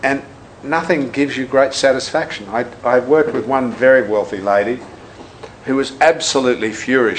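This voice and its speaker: A man's voice: medium pitch, moderate pace, a little hiss or hum, rough recording. A man who teaches Buddhism and works as a shiatsu therapist, giving a casual talk full of anecdotes and acting out what people said. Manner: storytelling, acts out quotes, laughs at his own anecdotes.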